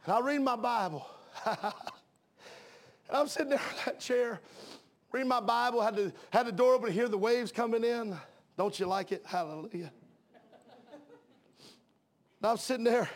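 A pastor preaching an impassioned sermon, shouting and calling out hallelujahs. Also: male voice, very high voice, measured pace, long pauses.

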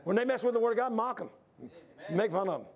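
A male preacher delivers a fervent sermon in a high, gravelly voice. He reads scripture aloud, then climbs toward near shouts as he gets worked up, with rough fry at the ends of his lines. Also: expressive, fast. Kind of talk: fiery sermon.

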